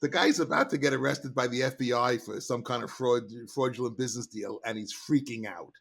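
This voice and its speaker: A middle-aged man, a sales trainer, telling stories in an animated, emphatic way as a podcast guest. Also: medium pitch, fairly quick, gravelly, breathy edge. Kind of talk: casual interview talk.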